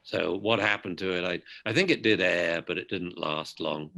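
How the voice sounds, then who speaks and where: A man with a British accent, a dog behaviour expert giving an outspoken, lively interview. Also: low voice, normal speed. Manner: outspoken, animated storyteller. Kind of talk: conversational interview.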